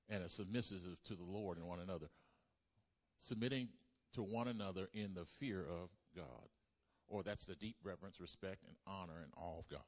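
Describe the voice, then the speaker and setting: A man preaching a sermon as pastor, animated, calling the congregation to respond. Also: low voice.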